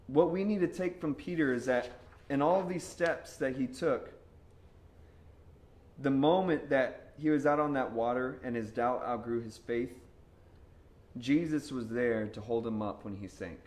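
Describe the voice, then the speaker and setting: Animated young male preacher. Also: medium pitch, moderate pace. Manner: conversational, animated, slangy storytelling preaching with bursts of shouting. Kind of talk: sermon.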